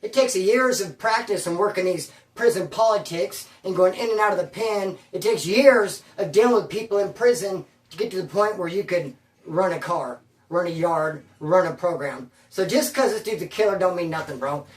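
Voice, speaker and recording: A man's voice: high-pitched, moderate pace, distant mic. A man telling his own prison story in casual first person, full of street slang and calling the listener bro. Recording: roomy sound, away from the mic.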